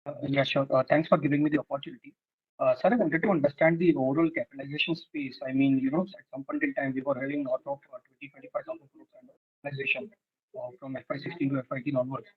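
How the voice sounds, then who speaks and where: A male analyst talks quickly and hesitantly, full of fillers. His voice is husky and slightly high. It comes through a poor, tinny phone line. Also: animated, no echo. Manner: hesitant, polite, many fillers. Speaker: analyst asking a question. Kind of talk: earnings call question.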